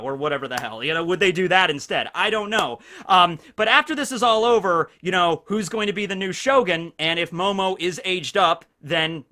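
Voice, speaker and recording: A man's voice: fairly high pitch, pushed and bright. A man giving casual, rambling anime commentary, with loose fillers throughout. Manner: rambling, loose, full of "you know" fillers. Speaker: anime discussion YouTuber.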